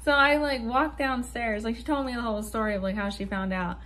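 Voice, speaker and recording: Young woman, high bright voice, casual vlog storytelling, swears, laughs nervously. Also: fairly even intonation, brisk. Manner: chatty, swearing, nervous laughter between lines. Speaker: vlogger.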